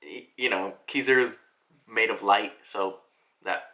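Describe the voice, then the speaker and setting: A man casually reviewing a manga chapter, chatty and excitable, laughing often as he talks. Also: fairly low pitch, measured pace.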